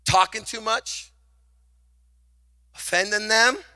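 A middle-aged man preaching from the pulpit, his voice high and ringing with a very bright, cutting edge. He drives his sermon with passion and keeps calling on the congregation to repeat his words back to him. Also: slow pace. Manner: passionate, call-and-response preaching. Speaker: pastor.

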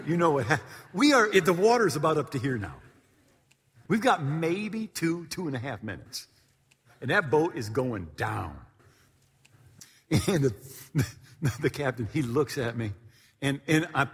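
A man's voice: mid-range voice, slightly rough. A middle-aged male pastor telling a story in a sermon to his congregation, acting out the voices of the people in it. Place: church sanctuary before a congregation. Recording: long hall reverb.

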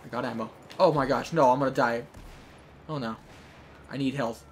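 Guy talking over his shooter game, joking around, yells when it gets hectic, mid-pitch voice, faint gunfire. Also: steady tone, normal speed, slight background noise. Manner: chatty, jokey, shouts and squeals in tense moments. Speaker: gaming YouTuber. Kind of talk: live gameplay commentary.

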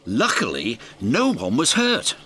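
Expressive male storybook narrator. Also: medium pitch, unhurried. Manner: warm storybook telling, lively and expressive. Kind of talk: scripted children's story narration. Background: background music.

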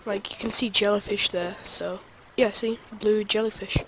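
A young adult gamer giving let's play commentary, excitable and talking to themself while playing. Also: medium pitch, moderate pace, heavy background noise. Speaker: gaming video creator.

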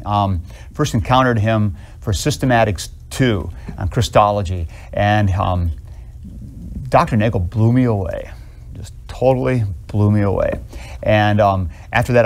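Middle-aged male professor, classroom lecture, chatty and lively, lots of ums. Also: lowish voice, vocal fry. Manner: casual, animated storytelling with many fillers. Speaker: seminary professor.

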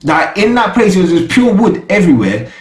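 A man's voice: sits high, big pitch swings, fairly quick. A young man giving a casual, slangy TV episode review, often asking "you get me?". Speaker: TV show reviewer. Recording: echoey room.

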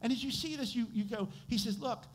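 In a church sanctuary, an American pastor preaches a sermon in an extremely high, quick voice. Animated, he quizzes his congregation and then answers his own questions.

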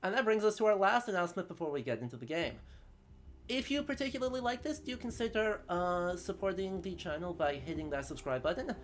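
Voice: medium pitch, lively intonation, a little fast. A live-stream co-host chatting casually, plugging the channel and recapping a game's story in an upbeat way. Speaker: co-host of a history gaming stream.

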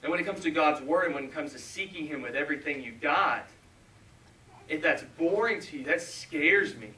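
Young male preacher, earnest and halting, bright forceful voice, recorded from a distance in a roomy church. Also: a little high, a little hiss or hum. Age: 20s. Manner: earnest, halting, with many restarts and asides. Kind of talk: sermon with personal story. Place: large church hall.

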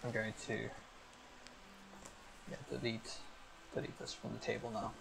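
A man acting as game master on a live stream, explaining each rule of a tabletop game step by step in a brisk, upbeat way. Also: on the low side, monotone, vocal fry, a bit bright, slight background noise, low-quality recording.

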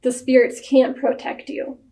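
In a storybook reading, a woman plays an earnest young missionary man. He speaks calmly and earnestly, at an unhurried pace and a high pitch. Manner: calm and earnest.

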